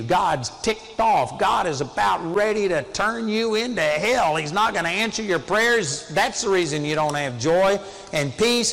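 A man's voice: on the high side, fairly bright tone, long reverb tail. A man preaching a sermon in an earnest, conversational way that rises to sudden emphatic peaks.

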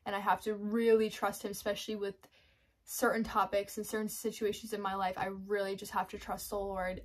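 Chatty woman sharing faith, laughing often. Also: medium pitch. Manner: chatty, laughs often, acts out her own inner voice. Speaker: Christian devotional vlogger. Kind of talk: casual faith talk to camera.

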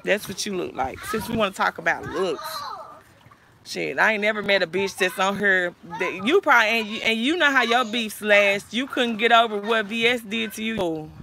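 A woman with a bright, forward voice, letting loose a heated, profane rant on a livestream and calling out viewers one by one. She talks straight into her phone camera, with a faint hiss of noise underneath. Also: medium pitch, moderate pace, vocal fry. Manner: profane, confrontational, calls out viewers directly. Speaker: livestream host.

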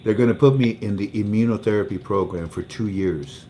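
A man's voice: lowish voice, brisk, dark tone, slight background noise. A man hosting a casual livestream, telling an emotional story and often repeating his words. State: under treatment for cancer. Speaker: livestream host.

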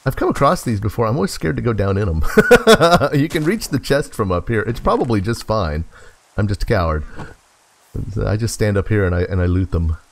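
A man's voice: on the low side, very animated, moderate pace, a little hiss or hum. A man casually commenting on his game as he plays, chatting to in-game animals and laughing often. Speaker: gaming host. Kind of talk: casual let's play commentary.

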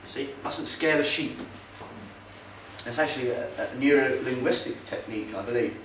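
A man with a medium-pitched voice addresses an audience in a meeting hall at normal speed, sounding conversational and sardonic, and hesitating with filler words. The mic is far off in the roomy hall, and faint noise is audible.

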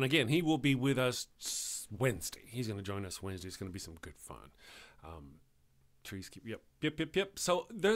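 A man's voice: medium pitch, a bit bright. Rambling, chatty male stream host. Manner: chatty, rambling, self-correcting, laughs often. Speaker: live-stream show host. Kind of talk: casual rambling live-stream talk.

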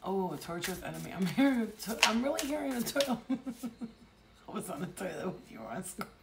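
A woman's voice: mid-range voice, very animated, quick pace, gravelly, noisy background. A woman giving a rambling, casual intuitive reading, chatty and blunt with crude jokes. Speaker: psychic tarot reader.

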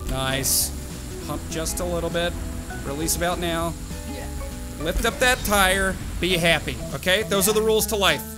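A man's voice: high voice, normal speed, low-quality recording. A young man hosting a gaming channel, talking to himself through his gameplay in casual commentary, swinging between groans and cheers. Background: game music.

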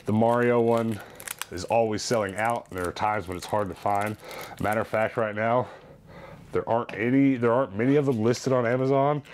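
A man's voice: medium pitch, moderate pace, slight background noise. Chatty man showing off thrift finds. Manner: chatty, animated, jokey. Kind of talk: casual chat.

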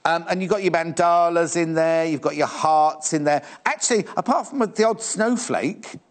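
A man's voice: on the high side, moderate pace. A middle-aged man presenting on a live shopping channel, chatting playfully with many stumbling restarts. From England. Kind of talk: live TV sales chat.

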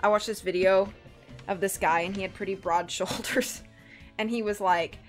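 A young woman chatting casually on a live stream while playing a game, bubbly and excitable. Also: medium pitch, normal speed. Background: faint game music.

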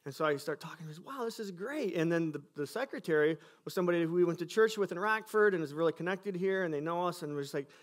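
A man from Michigan pastors a church that meets in a school cafeteria and shares its story from the pulpit. His voice sits a little high, and he tells the story earnestly, acting out each exchange as he goes. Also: racing, hardly any pauses. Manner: earnest storytelling, reenacting conversations. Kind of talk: sermon testimony.

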